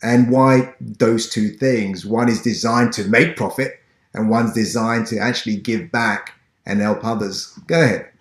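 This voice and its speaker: A man's voice: lowish voice, fairly even intonation, a little slow. A man from Ghana with an English accent, hosting a business interview show and talking in an encouraging, motivational way. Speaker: podcast host. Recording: roomy echo.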